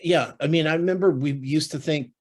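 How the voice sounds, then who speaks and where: A man co-hosting a podcast in casual chat, talking in halting bursts with many restarts and fillers. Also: on the high side, a little mellow, slightly rough. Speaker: podcast co-host.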